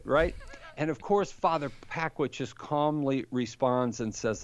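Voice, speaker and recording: An older man in casual conversation, telling a lively story and acting out the quotes in it. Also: mid-range voice, measured pace, muffled recording. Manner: animated storyteller, acts out quotes. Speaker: Catholic apologist guest.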